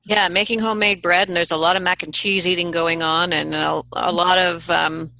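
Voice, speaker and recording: A woman's voice: fairly low pitch, flat delivery, moderate pace, sharp tone. A woman hosting a radio show, chatting in a conversational way with her guest. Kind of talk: radio interview talk.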